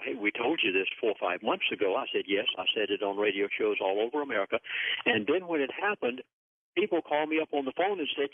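A man's voice: medium pitch, no echo. A man guest on a call-in radio show, speaking in an earnest, grave and emphatic way over a phone line. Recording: dry, tinny phone line.

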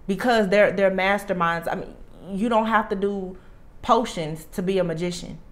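A woman giving a tarot reading to her viewers, talking earnestly and with emphasis, often restarting her sentences. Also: mid-range voice. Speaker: tarot reader.

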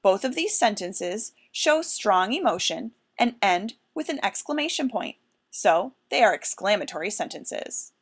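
Female teacher, bright animated delivery, clear and deliberate, lesson voice-over. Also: medium pitch. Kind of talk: recorded classroom lesson.

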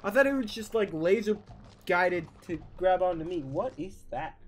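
A young man playing a video game and commenting casually, swearing often and yelling at the game. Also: sits high, normal speed, a little hiss or hum. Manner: animated, swears a lot, yells at the game. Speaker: gaming YouTuber. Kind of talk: casual let's-play commentary.

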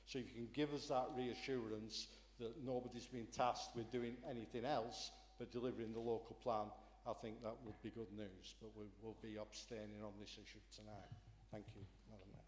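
A man's voice: lowish voice, little pitch movement, a little fast, a little hiss or hum. Man arguing in an echoey council chamber. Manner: pointed, insistent, with frequent "uh" fillers. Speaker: opposition councillor. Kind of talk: council debate speech. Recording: echoey chamber with long reverb.

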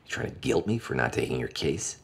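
A man's voice: a bass voice, big pitch swings, brisk, creaky, slightly rough, heavily acted. An actor playing a sardonic middle-aged male doctor who talks in a dry, cutting way. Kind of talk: TV drama acting.

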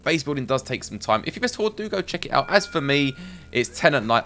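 A man's voice: medium pitch, very animated, fairly quick, bright, forceful tone. A man giving casual, chatty gameplay commentary, thinking aloud as he builds and talks to his viewers. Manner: chatty, thinking aloud, self-talk with playful asides. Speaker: game streamer.

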